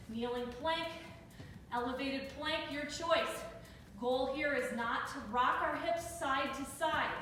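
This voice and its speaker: A woman's voice: sits high, a bit bright, slight background noise. Breathless woman coaching a workout in an echoey room. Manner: upbeat encouraging cues, counting down reps. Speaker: fitness instructor. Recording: echoey room with reverb, mic far off.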